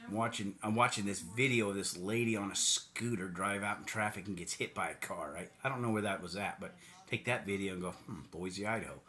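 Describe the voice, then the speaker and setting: A man's voice: on the low side, brisk, pushed and bright. An American man delivering a sarcastic, mocking political rant, now and then putting on silly voices. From United States. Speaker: political commentator. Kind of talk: ranting monologue.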